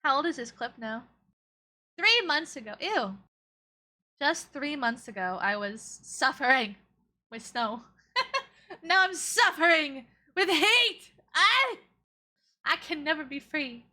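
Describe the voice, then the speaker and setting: A woman's voice: high-pitched, very animated, a little slow, pauses often, bright, forceful tone. A young woman streamer chatting casually as she reacts to old clips, giggling often and using playful baby talk.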